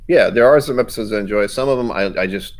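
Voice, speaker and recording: A man with a low voice chats loosely as a co-host. He rambles, laughs often and restarts his sentences as he goes. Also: quick pace. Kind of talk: casual chat.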